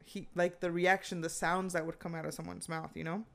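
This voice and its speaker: A woman chatting casually, retelling a true-crime story with animated quoted lines and frequent fillers. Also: on the low side, fairly quick, gravelly.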